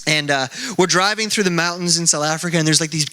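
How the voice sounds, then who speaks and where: A young man preaching a sermon as pastor, telling stories in a lively, self-mocking, conversational way. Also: a little high, fast talker, smooth. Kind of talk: sermon with casual storytelling.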